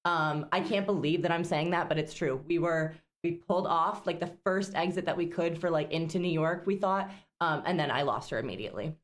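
A woman's voice: on the low side, fairly quick, hardly any pauses. A young woman co-hosting a podcast, telling a long road-trip story in casual chat, rambling with lots of fillers and laughs. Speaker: podcast co-host.

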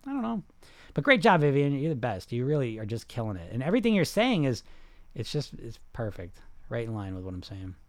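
A man hosting a casual livestream about weight loss, answering viewer comments in an animated, repetitive, salesy way. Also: mid-range voice, a little fast, no room sound.

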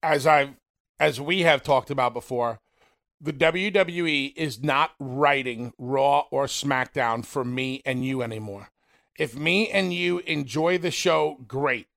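Animated man with a gravelly voice. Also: on the high side. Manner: emphatic, animated, talks straight to fans. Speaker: podcast co-host, former wrestler. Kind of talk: casual wrestling talk.

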